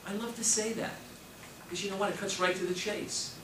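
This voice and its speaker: A man's voice: high-pitched, steady tone, brisk. A man teaching a real estate sales class, emphatic and repeating his key points as he coaches. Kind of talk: classroom training talk. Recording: echoey room, mic far off, noisy.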